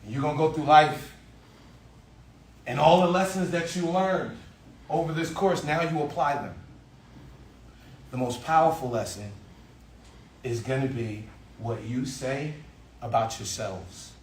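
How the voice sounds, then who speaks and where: A man speaking as a dean to a group of young men, giving a motivational speech and leading call-and-response chants, moving from low confiding talk to loud calls. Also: unhurried, long pauses, reverberant, far from the mic, a little hiss or hum. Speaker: dean leading a youth ceremony.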